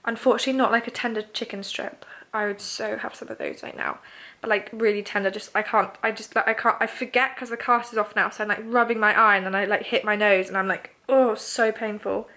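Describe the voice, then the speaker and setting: A woman's voice: mid-range voice, fairly even intonation, quick pace, sharp tone. A young woman talking casually in a video diary, nasal and congested, chatty and emotional. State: congested, nasal after surgery. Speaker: vlogger.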